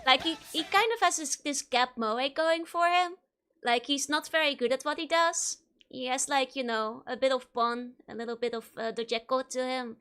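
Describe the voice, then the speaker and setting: A woman's voice: sits high, normal speed, fairly bright tone, clear, resonant tone. A woman streaming a game, chatting casually, greeting viewers and giggling often between remarks. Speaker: VTuber streamer. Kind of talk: casual let's-play commentary.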